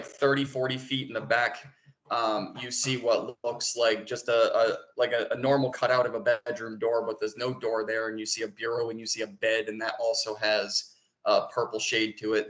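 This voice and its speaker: A man's voice: medium pitch, a bit bright. A man running a tabletop game as dungeon master, describing scenes in a loose, rambling way with many fillers and restarts.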